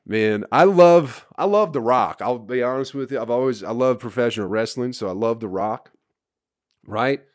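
A man's voice: medium pitch, normal speed, no room sound, studio quality. A man hosting his podcast alone, hungover and ranting in a profane, exasperated, rambling way that circles back to the same complaints. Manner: rambling, repeats himself. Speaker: podcast host. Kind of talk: solo podcast rant.

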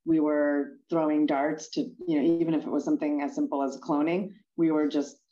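Female interview guest from Pennsylvania, deep voice, halting answers, dull lo-fi sound. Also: little pitch movement, warm tone. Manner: thoughtful, halting, many fillers and restarts.

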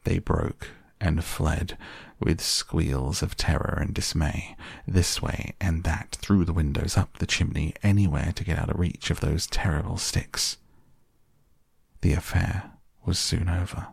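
Slow, gravelly man reading a bedtime story. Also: deep voice, no echo, studio quality. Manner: soft, slow and even. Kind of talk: soft bedtime audiobook reading.

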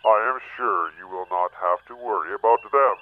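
A man's voice: fairly low pitch, normal speed, a little hiss or hum, close to an everyday voice. A man voicing a commanding, cryptic male ruler who speaks only over a ship's speaker. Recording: tinny phone-like speaker line.

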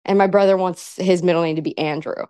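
A woman's voice: lowish voice, fairly even intonation, a little fast, warm tone, clean tone, dry recording. A young woman being interviewed, chatting casually, laughing often and filling her talk with "like". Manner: giggly, lots of "like" fillers. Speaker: pro wrestler guest.

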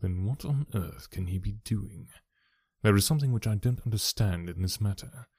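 A man voicing a calm, shrewd male detective in an audiobook, low and deliberate. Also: no echo, clean studio sound, natural voice. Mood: measured. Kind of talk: audiobook character voice.

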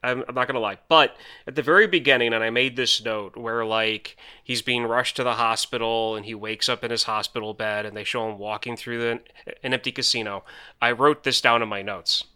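A young man chatting on a podcast with a very bright, ringing tone and a smooth, crisp voice. He talks in an animated, joking way and laughs easily. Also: mid-range voice, fairly quick. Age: young adult. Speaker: podcast co-host. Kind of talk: casual chat.

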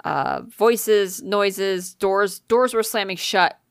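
Woman podcast co-host, mid-pitch, dry close mic, loose animated storyteller who swears a lot. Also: slow pace, creaky, clear, resonant tone, no room sound. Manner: animated retelling, frequent swearing and fillers. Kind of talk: casual podcast chat, storytelling.

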